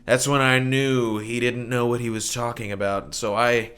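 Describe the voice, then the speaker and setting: A man telling a bar story to a camera in a lively way, acting out the quotes as he goes. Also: mid-range voice, normal speed, clean tone.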